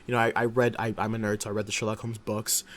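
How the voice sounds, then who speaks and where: Excitable young man rambling on a podcast. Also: on the low side, quick pace. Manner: excited, rambling, acts out his own reactions. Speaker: podcast co-host. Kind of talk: casual chat.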